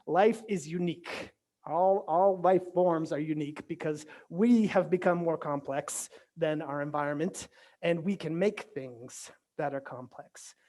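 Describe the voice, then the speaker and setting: A man's voice: on the high side, measured pace, warm tone. A male pastor delivering a casual virtual sermon. He talks in a loose, conversational way, with frequent restarts and little check-ins to his listeners. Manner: conversational, lots of "right?" and restarts. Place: church or home, virtual sermon.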